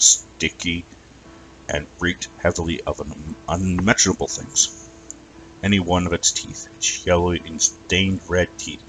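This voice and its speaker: A man reading a fan fiction story aloud as narrator, with an even storytelling manner and some stumbles. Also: low-pitched, low-quality recording.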